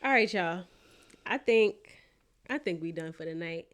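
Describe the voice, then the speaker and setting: A woman's voice: lowish voice, measured pace, a bit bright. A young adult woman hosting a casual podcast chat, talkative and emotional, laughing often. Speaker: podcast host.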